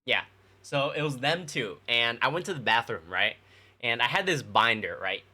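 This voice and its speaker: A man's voice: medium pitch, animated, moderate pace, bright, forceful tone. A young man casually telling childhood stories to his stream chat, rambling and swearing with plenty of fillers. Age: young adult. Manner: rambling, profane, lots of fillers.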